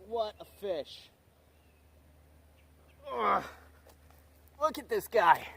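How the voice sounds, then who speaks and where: An excitable young man narrates his own outdoor fishing vlog, speaking straight to viewers. His voice sits a little high for a man. Faint outdoor ambience sits behind him from the camera mic. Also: extremely slow, gravelly, pauses often, background noise. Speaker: wildlife vlogger. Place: outdoors by a small creek.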